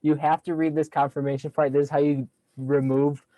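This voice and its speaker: A man's voice: a little high, flat delivery, fairly quick, no room sound, phone-quality sound. A young man giving a casual sales training talk on a video call, upbeat and jokey, acting out phone lines as he explains them.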